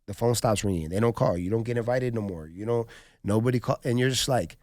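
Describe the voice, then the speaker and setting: A man who is a podcast guest and former pastor, telling stories in an animated, slangy way. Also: fairly low pitch, quick pace, no echo, studio quality. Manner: animated, slangy storytelling, calling the listener "dog" and "bro". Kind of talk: candid conversation.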